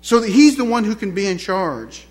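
Male preacher, high-pitched voice, emphatic sermon delivery, repeats phrases, rhetorical questions. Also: expressive, moderate pace, a little mellow. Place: church.

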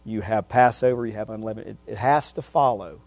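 A man preaching a sermon, reading scripture verse by verse and repeating phrases for emphasis, his voice swinging from loud emphatic peaks to hushed endings. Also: lowish voice, a little fast, creaky, no echo.

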